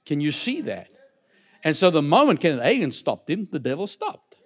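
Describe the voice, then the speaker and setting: A man pastor delivering a sermon in a church. His voice sits somewhat high and moves up and down with animated, lively intonation, peppered with repeated words and quick asides to the listeners. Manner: lively preaching with many asides and repetitions.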